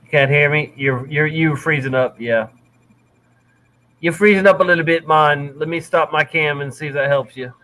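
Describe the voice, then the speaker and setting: A man's voice: a little high, moderate pace, sharp tone, rough recording. A man hosting a live stream over a video call, easygoing and full of fillers. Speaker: host. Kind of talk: casual live-stream chat.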